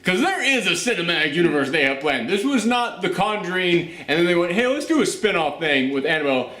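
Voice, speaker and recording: Male movie-review host: animated, casual, swears often, slips into mocking quotes; slightly high voice, roomy echo. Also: fast talker. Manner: animated, swearing, with acted asides. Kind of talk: casual spoiler review chat. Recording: echoey room.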